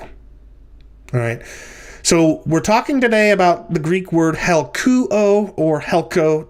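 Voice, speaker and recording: A man hosting a theology podcast, teaching in a lecture style over slides, with frequent fillers and restarts. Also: fairly high pitch.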